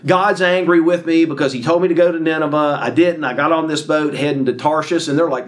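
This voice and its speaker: A man's voice: on the high side, steady tone, a little fast, hardly any pauses. A man preaching a conversational Bible sermon, reading verses and paraphrasing them in casual everyday speech, with frequent fillers and restarts. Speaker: pastor.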